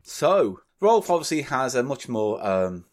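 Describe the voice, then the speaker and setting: A man from Britain riffs in a podcast conversation, his pitch swinging widely as he jokes. He swears now and then and slips into silly voices. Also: measured pace, soft background music. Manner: animated, joking, swears, does silly voices. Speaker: podcast co-host. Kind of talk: casual comedic chat.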